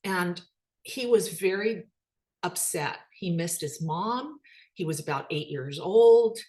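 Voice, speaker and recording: Middle-aged woman, storytelling talk, slow unhurried pace, animated voice when quoting others. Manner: animated, acts out quoted dialogue with rising pitch. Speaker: speaker, children's book author.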